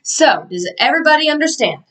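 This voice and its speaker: A woman's voice: high voice, very animated, fairly quick, a bit bright, far from the mic, poor audio. A young woman giving a mock lesson to a class of children in an upbeat, sing-song teacher voice.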